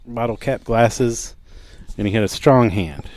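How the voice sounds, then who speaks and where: A man's voice: medium pitch, measured pace, a little mellow. A man co-hosting a podcast in casual chat, blunt and joking, swearing freely. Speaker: podcast co-host.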